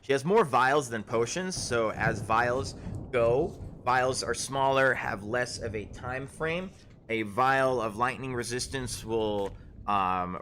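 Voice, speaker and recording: Guy running a tabletop game, lots of um and like, bright voice, bit of hiss. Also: medium pitch. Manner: rambling, filler-heavy, laughs often. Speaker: game master.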